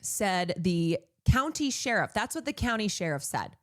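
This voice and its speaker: A woman's voice: medium pitch, big pitch swings, normal speed. A woman streamer reading a news story aloud and breaking in with heated, profane asides. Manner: profane, indignant. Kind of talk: casual news commentary.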